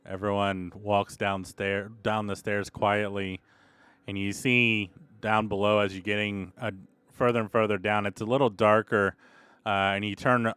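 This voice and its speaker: A man's voice: on the low side, flat delivery, unhurried, a bit bright, clean tone, no echo. A man narrating a tabletop game as game master, in loose, rambling speech full of fillers.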